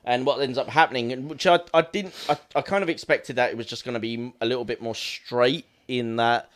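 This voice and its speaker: A man's voice: medium pitch, steady tone, brisk. Rambling man recapping a film. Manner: rambling, self-correcting plot retelling. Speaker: film podcast co-host. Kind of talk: casual film chat.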